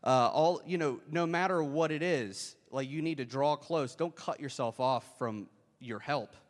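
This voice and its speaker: A man preaching, his voice carrying a long reverb through a church hall. He keeps the sermon conversational and chatty, then jumps sharply higher in pitch whenever he acts out someone else's words. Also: a little slow.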